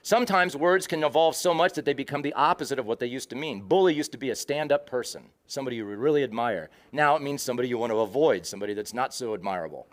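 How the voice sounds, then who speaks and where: A man's voice: medium pitch, animated, fast talker, few pauses. A man speaking at a conference, explaining word meanings in a conversational way and acting out short quoted exchanges. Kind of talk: conference talk. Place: conference hall.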